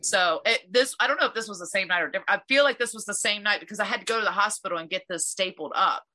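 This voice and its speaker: A woman in casual chat, telling a fight story in an animated, profane way. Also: medium pitch, racing.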